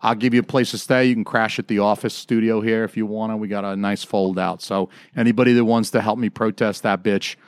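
A man's voice: lowish voice, fairly even intonation, fairly quick, hardly any pauses, no room sound, studio quality. Male comedy podcast host from the South, crude rambling jokes. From Atlanta, US South. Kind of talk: casual comedic panel chat.

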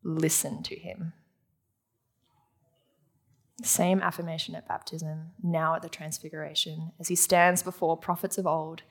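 A woman preaching a sermon, her voice slightly low and gravelly. She teaches as she goes, putting questions to the congregation and answering them herself. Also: little pitch movement, moderate pace. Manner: teaching, asks the audience questions.

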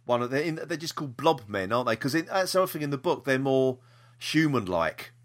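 Speaking fast and expressively in a mid-range voice, a man co-hosts a podcast in casual conversation. His manner is chatty, peppered with fillers and laughs.

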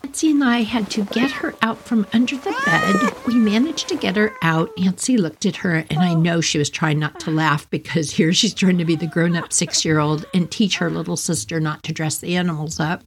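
A middle-aged woman telling a funny childhood story on her podcast, playful and animated. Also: fairly low pitch, normal speed, slight background noise. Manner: animated, playful, many voices.

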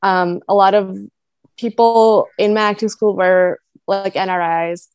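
A woman's voice: mid-range voice, steady tone, unhurried, darkish tone, clear, resonant tone, dry recording, highs cut off. A young American woman, a podcast guest, chatting casually and often laughing and acting out what people said. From United States (Michigan). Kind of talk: casual interview chat.

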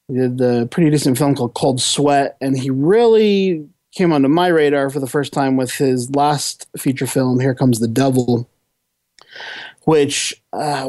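A man's voice: fairly high pitch, darkish tone, dry recording. A man co-hosting a podcast, giving a casual, enthusiastic film review that rambles and restarts often.

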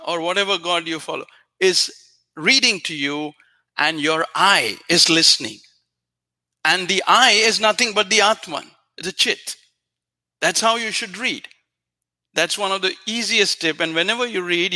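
This is a man giving a spiritual talk. His voice sits high for a man and sounds very bright and sharp. He teaches earnestly and repeats his points for emphasis.

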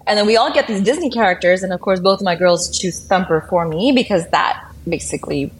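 A middle-aged woman guest in a casual interview chat, bubbly and animated, laughing often. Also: fairly low pitch, brisk, low-quality recording. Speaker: podcast guest, executive.

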